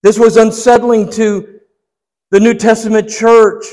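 A man's voice: sits high, normal speed, a little mellow, big-room sound. A man preaching a sermon as pastor, swinging his emphasis up and down and putting rhetorical questions to the congregation.

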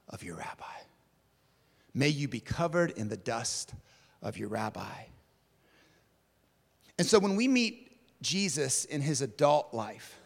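Guy preaching a sermon, fairly high voice, dramatic, gets loud then goes hushed, long hall echo. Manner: dramatic, shifting from emphatic to hushed.

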